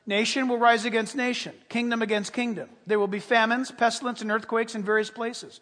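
A man preaching a sermon as pastor, dramatic and animated, swinging between loud bursts and hushed, intimate tones. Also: very high-pitched, brisk. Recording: long reverb of a large hall.

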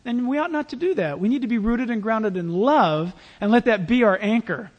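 A male pastor preaching a sermon in a church, in a conversational, animated way with playful asides. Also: very high-pitched, fairly quick, long reverb tail, muffled recording.

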